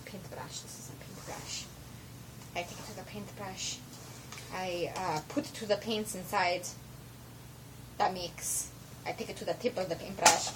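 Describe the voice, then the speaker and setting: A woman's voice: medium pitch, lightly acted. A young woman putting on a giggly foreign-accented persona in broken English, filmed at home. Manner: broken grammar with stray "to the", giggly. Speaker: roommate. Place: home room. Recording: noisy home video from a distance.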